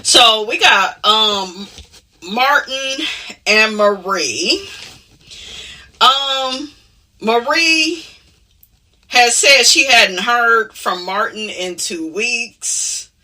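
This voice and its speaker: A woman's voice: a little high, lively intonation, very slow, long pauses, sharp tone, distant mic. A woman talking casually as she recaps reality TV. She is sassy and outspoken and keeps dropping "honey" and "okay?" as asides. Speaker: reality TV commentator.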